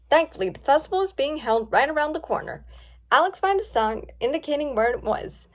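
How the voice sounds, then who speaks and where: A woman reading a storybook aloud in a lively, expressive way. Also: sits high, fairly quick. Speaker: story reader.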